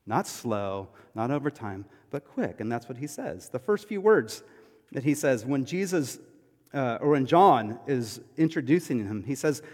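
A man preaches a sermon in a church. He moves between loud, emphatic lines and soft, hushed ones, and his voice sits at an average pitch. A long hall reverb trails each phrase. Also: animated, normal speed. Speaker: pastor.

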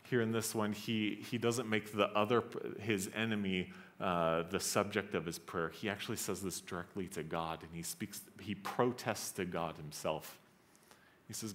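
A man preaching a sermon as pastor, speaking earnestly and conversationally. He acts out scripture lines with rising intensity and drops to a soft, low voice on somber passages. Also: steady tone, normal speed.

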